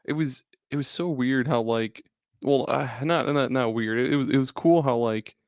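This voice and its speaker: A man at mid pitch chats casually as a podcast host, swearing freely and breaking into laughs. He restarts sentences as he goes. The sound is dry and close, with no room echo. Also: normal speed, clean tone. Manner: loose, profane and laughing, with frequent restarts. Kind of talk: casual chat.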